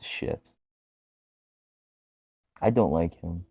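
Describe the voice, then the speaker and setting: A man co-hosting a casual podcast chat, laughing often and swearing in animated bursts. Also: sits low, very slow, breathy edge, no room sound, muffled recording. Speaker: podcast co-host.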